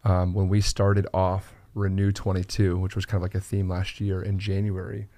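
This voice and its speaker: A pastor co-hosting a church podcast speaks earnestly in conversational discussion, with many fillers and restarts. His voice is low, dark and monotone at a normal speed, recorded dry.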